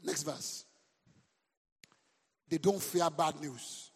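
A man preaching a sermon as a pastor. He speaks with lively emphasis, throws questions at the congregation and breaks into sudden shouts. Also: on the high side, very slow, husky. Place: church hall. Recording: long reverb of a large hall.

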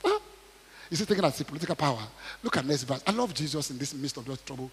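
A man preaching a sermon, reading scripture aloud and commenting on it, swinging between quiet asides and loud acted quotes, often asking the audience questions. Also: fairly high pitch, expressive, fast, big-room sound, a little hiss or hum. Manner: asks the audience questions, repeats words.

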